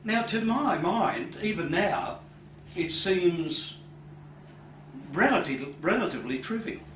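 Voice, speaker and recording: A man, a hypnotherapist, recounting a client's case to an audience, telling it at an unhurried pace with many pauses and dropping soft and low for quoted lines. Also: lively intonation, slight background noise. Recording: roomy, distant and dull lecture audio.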